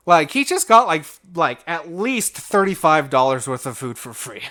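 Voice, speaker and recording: A man's voice: fairly high pitch, expressive, a little slow, hardly any pauses, bright, forceful tone. A young man co-hosting a podcast, telling a rambling work story in casual chat and acting out the other people's lines. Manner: rambling anecdote with acted-out quotes and laughter. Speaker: podcast co-host.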